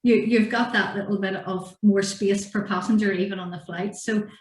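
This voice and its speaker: A woman hosts an online event, moving speakers along at a brisk pace. Her voice has a middle pitch. There is a roomy echo around her on the video call. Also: steady tone. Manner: brisk, warm thanks to guests. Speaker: event host. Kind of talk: hosting a virtual event.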